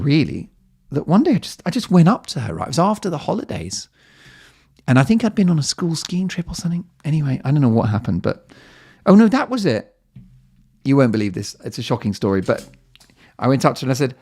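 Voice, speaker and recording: A man's voice: mid-range voice, gravelly, darkish tone, slightly rough. A middle-aged man hosting a solo podcast, telling stories in a chatty, self-mocking way with playful asides. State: slightly lightheaded. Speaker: podcast host. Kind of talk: casual solo podcast monologue.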